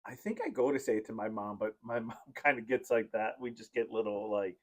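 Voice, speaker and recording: A man's voice: lowish voice, fairly quick. A man hosting a podcast and chatting casually, telling rambling, heartfelt stories as a parent. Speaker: podcast host. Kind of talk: casual chat.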